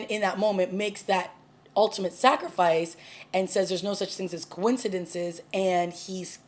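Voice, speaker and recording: A woman recapping and reviewing a TV episode in a casual, chatty way, full of fillers and restarts. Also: medium pitch. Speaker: TV review vlogger.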